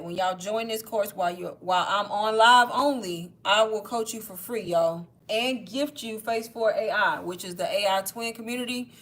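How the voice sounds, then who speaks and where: Young woman doing a casual livestream pitch, chatty, kinda out of breath, "y'all" every other line. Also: fairly bright tone. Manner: chatty, says "y'all" constantly. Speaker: online course seller hosting a livestream.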